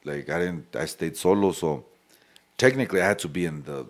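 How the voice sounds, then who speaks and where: A very deep, low-pitched male voice. He chats casually as a podcast guest, swearing freely and dropping Spanish slang into his stories. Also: fairly quick. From El Paso, Texas. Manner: profane, streetwise storytelling mixed with Spanish slang.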